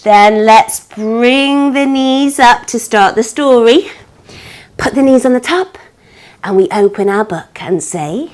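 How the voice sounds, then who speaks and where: A woman's voice: on the high side, lively intonation, takes it slowly. A woman leading a live online yoga class for children over a video call, upbeat and encouraging, with sing-song animal noises. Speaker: kids' yoga teacher.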